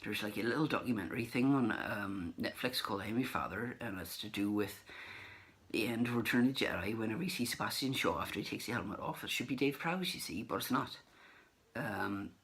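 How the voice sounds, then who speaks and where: Speaking fairly quickly in a lowish, fairly bright voice, a man recaps his run-ins with celebrities at a comic con for his collector vlog. The telling is loose and rambling, packed with fillers, and he performs the exchanges as he recalls them.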